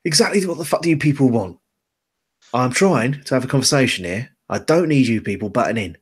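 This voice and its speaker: A man's voice: medium pitch, lively intonation, fairly quick, slightly rough. A man voicing an aggressive young pub thug who swears at everyone. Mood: hostile. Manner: swearing, hostile and mocking.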